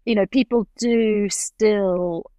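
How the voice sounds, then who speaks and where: A British-accented woman talks casually as a guest on a podcast interview, chatty and laughing often, sometimes trailing off mid-sentence. Her medium-pitched voice is mellow and steady, she takes it slowly, and the recording is dry.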